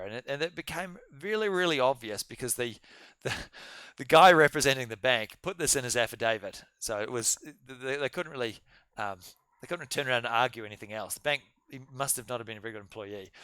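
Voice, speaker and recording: A man's voice: medium pitch, bright, forceful tone, smooth, dry recording. A man giving an informal, live-streamed business law seminar, telling case stories in a chatty way and talking straight to his students. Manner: chatty storytelling, addresses students directly.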